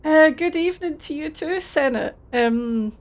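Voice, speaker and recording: A woman's voice: sits high, animated, a little slow. A Scottish woman streaming a game, chatting casually with viewers and searching for words. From Scotland. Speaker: livestreamer. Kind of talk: casual chat with game reading.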